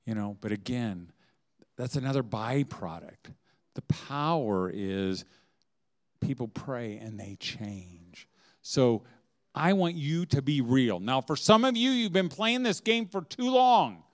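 At a homeschooling event, a middle-aged man gives a humorous, inspirational talk, chatty and often laughing as he acts out dialogue. His mid-range voice moves slowly with big swings in pitch.

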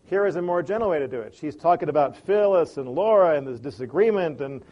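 With highs cut off in the recording, a fast, expressive man with a fairly high voice teaches about listening. He tells anecdotes conversationally and acts out the people in them.

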